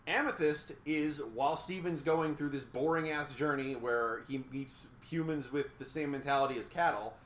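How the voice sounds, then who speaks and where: A man's voice: on the high side, normal speed, hardly any pauses, fairly bright tone, reverberant, slight background noise. A man co-hosting a casual review chat, ranting sarcastically and swearing freely in an exasperated way. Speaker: podcast co-host reviewer.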